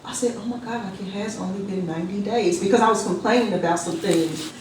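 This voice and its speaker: A woman softly retelling a personal story, often quoting her sister's words. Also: medium pitch, quick pace, a little hiss or hum. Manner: soft-spoken, quotes others in retelling. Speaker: interviewee, cancer patient. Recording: roomy, distant mic with faint ambience.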